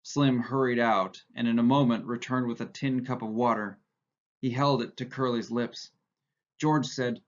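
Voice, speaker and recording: A man's voice: mid-range voice, steady tone, unhurried, lo-fi sound. A male teacher reading a novel aloud in a plain manner, often stopping to correct himself.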